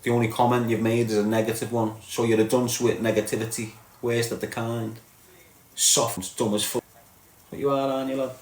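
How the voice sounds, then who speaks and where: A man's voice: medium pitch, flat delivery, brisk, a little mellow. Blunt sweary Scouse man, roomy echo. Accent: Liverpool (Scouse). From Liverpool, England. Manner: blunt, sweary, mocking, tags lines with "lad" and "mate". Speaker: live-stream host. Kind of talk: ranting live-stream chat with viewers.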